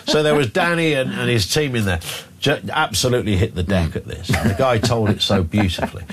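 A man's voice: medium pitch, brisk. A man hosting a casual radio chat, telling stories and laughing often. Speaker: radio host.

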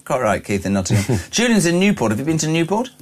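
A man's voice: fairly high pitch, very animated, quick pace. A man hosting a phone-in talk radio show, reading out listener messages with indignant, jokey opinions.

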